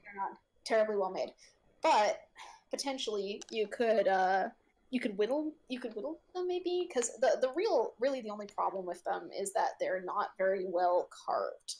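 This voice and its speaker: A woman's voice: medium pitch, normal speed, a little mellow. A woman narrating a tabletop game as game master, rambling with lots of ums and frequent giggles. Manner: rambling, giggly, full of fillers.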